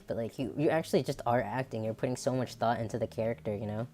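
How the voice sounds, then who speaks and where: A woman's voice: rumbling low, animated, fast talker, mellow. A woman streamer with a nasal, androgynous voice, chatting casually and rambling, laughing often. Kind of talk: casual chat.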